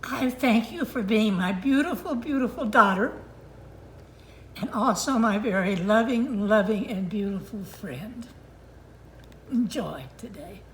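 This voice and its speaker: Slow-talking older mother, playful teasing. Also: mid-range voice, lively intonation, slight background noise. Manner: playful, teasing, then tender. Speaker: mother giving a birthday greeting. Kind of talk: casual video greeting.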